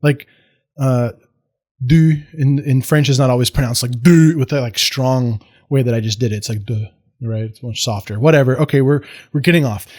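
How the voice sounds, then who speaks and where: A man's voice: mid-range voice, fairly quick, darkish tone. An American man giving a history lecture in a casual, digressive way, with self-deprecating asides and restarts. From United States.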